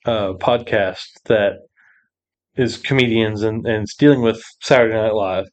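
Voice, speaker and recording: A man's voice: on the low side, unhurried, highs cut off. A man co-hosting a podcast, talking about a film in a hesitant way with many restarts. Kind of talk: casual film discussion.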